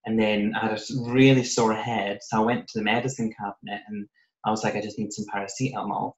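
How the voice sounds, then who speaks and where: A British man quietly telling a personal story in a casual podcast chat, often voicing what he said and thought back then. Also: fairly low pitch, little pitch movement, quick pace. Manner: soft-spoken, recounting with quoted asides. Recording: roomy, slightly muffled podcast audio.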